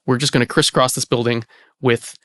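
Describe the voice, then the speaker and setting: A man, an archivist hosting the conversation, explaining in a relaxed way with lots of "you know" fillers. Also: medium pitch, fairly quick, dry recording, studio quality. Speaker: archivist and host. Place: indoor archive space.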